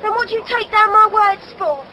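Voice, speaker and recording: Eliza Doolittle, a high-voiced Cockney flower girl. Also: brisk, highs cut off. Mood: indignant. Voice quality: pleading, whining. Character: poor young Cockney flower girl, indignant. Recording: noisy audiobook recording.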